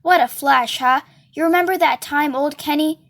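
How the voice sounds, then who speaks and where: Casting: rough chatty chain-smoking woman, high voice, read by a woman. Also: normal speed, a bit bright.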